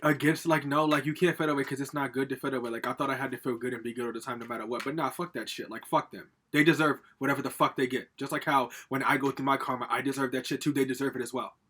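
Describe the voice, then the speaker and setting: This is a man at home giving a casual pick-a-card tarot reading. His voice is bright and punchy, with a husky edge to it. He rambles, swears freely and talks straight to his viewers, filling the gaps with fillers. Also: mid-range voice, fairly even intonation, quick pace, hardly any pauses. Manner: rambling with frequent fillers and laughs. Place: home, with a laptop.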